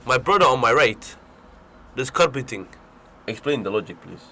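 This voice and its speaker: A young man co-hosting a radio talk show, joking fast and stumbling over his words. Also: medium pitch, animated, sharp tone. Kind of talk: casual banter.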